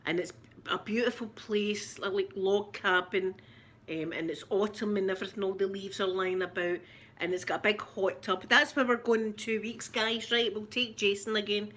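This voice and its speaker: Scottish lady rambling away to her chat, bright lively voice, lots of laughing. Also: medium pitch, moderate pace. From Scotland. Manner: chatty, rambling, laughs often. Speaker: ASMR livestream host. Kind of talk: casual chat to live viewers.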